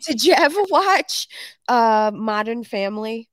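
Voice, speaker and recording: Giggly female co-host, a bit high, very animated, dry studio sound. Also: a little slow, dry recording. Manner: giggly, laughs often while talking. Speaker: podcast co-host. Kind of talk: casual chat.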